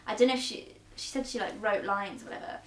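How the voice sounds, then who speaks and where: A woman comedian chatting casually as a guest, animated and full of "like". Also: medium pitch, fast. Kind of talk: casual chat. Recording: echoey room.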